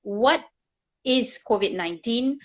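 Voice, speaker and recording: A middle-aged woman hosts a conversational interview over a video call, her voice a little high and her pace unhurried, with slight background noise. She's an animated storyteller who laughs often.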